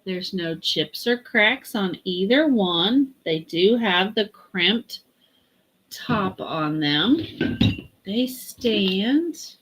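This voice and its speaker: Slow-talking woman hosting a vintage sale. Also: medium pitch, animated, a bit bright, slight background noise. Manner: unhurried, chatty, reads out measurements. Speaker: host of a live vintage sale. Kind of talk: live-stream sales pitch.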